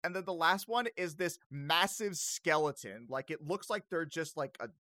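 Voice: medium pitch, expressive, moderate pace, sharp tone, no echo. A game master narrating a tabletop game, rambling with lots of fillers.

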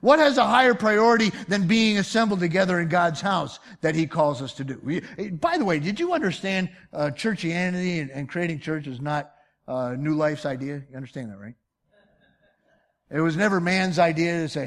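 A man's voice: on the high side, expressive, moderate pace, fairly bright tone. A man in his fifties preaching a sermon as pastor, emphatic and folksy, full of rhetorical questions. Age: 50s.

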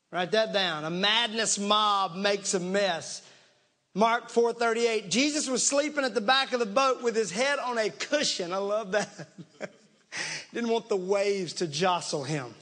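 Male pastor, very high voice, lively sermon delivery with playful acted-out shouts. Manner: animated, acts out panicked voices and shouts; talks to the congregation directly, laughs along.

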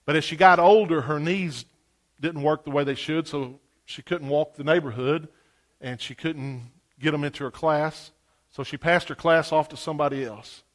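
High-voiced man preaching animatedly. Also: moderate pace. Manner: animated, swings from hushed asides to loud exclamations. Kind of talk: sermon storytelling.

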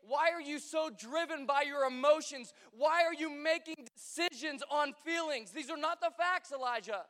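A man preaching an animated sermon as pastor, acting out voices in the quotes he tells. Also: very high-pitched, moderate pace, few pauses, big-room sound.

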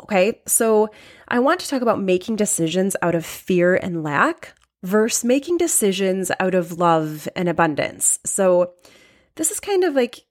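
A woman hosting her own podcast, talking earnestly in a conversational way, often repeating key lines for emphasis and adding "right?" asides. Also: medium pitch. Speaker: podcast host. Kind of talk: solo podcast talk on decisions.

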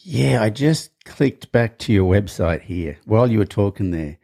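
A man hosting an interview who asks casual, halting questions and sometimes reads from a guest's website. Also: fairly low pitch, expressive, creaky, mellow. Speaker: interview host.

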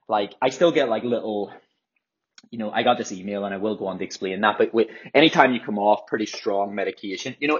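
A man's voice: lowish voice, slightly rough. A young man hosting a solo podcast, worked up and rambling with frequent swearing and restarts. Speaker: podcast host, runner. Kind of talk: casual solo podcast monologue. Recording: dull lo-fi audio.

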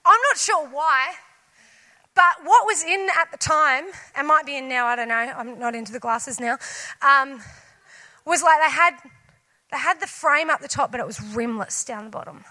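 A woman preaching a sermon, telling a personal story and acting out her own lines with lively voices. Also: high-pitched, moderate pace.

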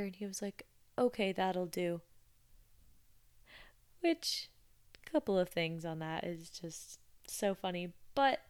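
A young podcast host with a lowish, slightly mellow voice, clear and resonant, tells weird customer stories in a loose, entertained monologue.

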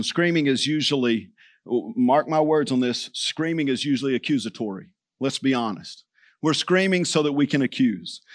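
A man preaching a sermon in a church, repeating phrases for emphasis and speaking straight to the congregation. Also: mid-range voice. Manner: preaching with emphatic repetition, addressing the church directly. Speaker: pastor.

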